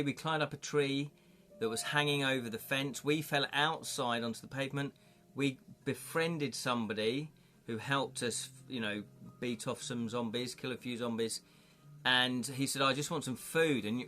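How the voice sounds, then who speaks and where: A jovial man streams live, narrating an interactive gamebook story and chatting with viewers, reading their messages aloud. His mid-range voice moves at a normal speed and sounds pushed and bright.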